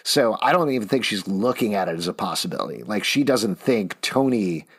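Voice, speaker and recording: A man co-hosting a podcast, giving an animated, opinionated recap of a TV episode with sarcastic asides. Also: lowish voice, a little fast, breathy edge. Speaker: podcast co-host. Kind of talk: casual TV recap chat.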